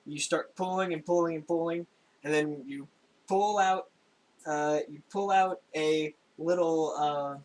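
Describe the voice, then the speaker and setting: A young man narrating a tabletop game as game master, in a casual, halting way with frequent laughs. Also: on the high side, fairly even intonation, a little mellow, rough recording. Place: home room, recorded for a stream.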